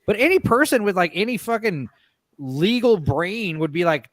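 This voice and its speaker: Man, podcast co-host, high voice, very dry close sound, animated storyteller who swears freely. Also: normal speed, no echo. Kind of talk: casual chat.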